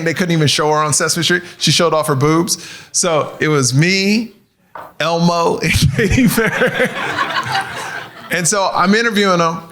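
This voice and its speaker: A man performing a stand-up comedy set on stage, animated and playful, slipping into voices for the people in his stories. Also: on the high side, a little hiss or hum. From United States. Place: comedy club stage before a live audience.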